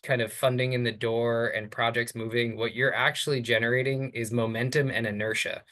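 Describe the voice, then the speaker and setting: A man's voice: medium pitch, flat delivery, brisk, a bit bright. A man on a webinar panel explaining fundraising casually over a video call, with many "kind of"s and "right?"s. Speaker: cultural center fundraiser on a panel.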